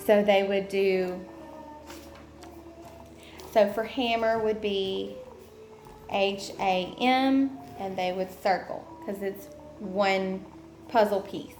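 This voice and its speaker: A young woman presenting a lesson plan, explaining step by step with many ums and pauses. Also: medium pitch, little pitch movement, darkish tone, faint music behind. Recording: echoey room with faint noise.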